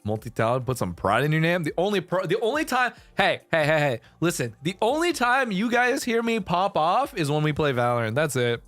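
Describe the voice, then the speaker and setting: A man's voice: fairly high pitch, very animated, a little fast, few pauses, fairly bright tone, dry recording, soft background music. A man chatting casually on a live stream, rambling, restarting sentences and swearing often. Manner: rambling, heavy swearing, frequent self-restarts.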